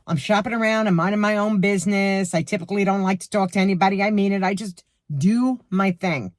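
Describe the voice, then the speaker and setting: A woman's voice: mid-range voice, a little fast, no echo, studio quality. A woman in her sixties with a New York accent, ranting to camera in her garage about a rude cashier. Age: 60s. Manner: indignant, animated, acts out quotes. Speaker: vlogger. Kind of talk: storytime rant to camera.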